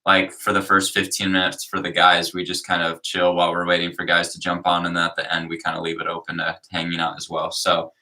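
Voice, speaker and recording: A young youth pastor with a very low but bright voice chats on a livestream. He talks in an easygoing, rambling way, stretching his thoughts out with fillers. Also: completely flat delivery, fairly quick, few pauses, distant mic. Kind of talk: casual livestream chat.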